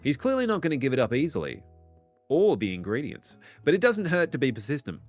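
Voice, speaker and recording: A man's voice: medium pitch, wildly swooping pitch, brisk, soft background music. A man streaming a video game, reading its text aloud and reacting with playful, theatrical swings. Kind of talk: live game playthrough commentary.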